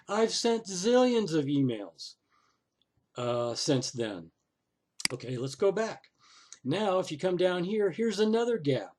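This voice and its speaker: A man's voice: high voice, a little mellow. A man narrating a screen-recorded walkthrough, thinking aloud and sounding sarcastic and exasperated as he complains to the city council. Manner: thinks aloud, with frequent "oh" and "okay".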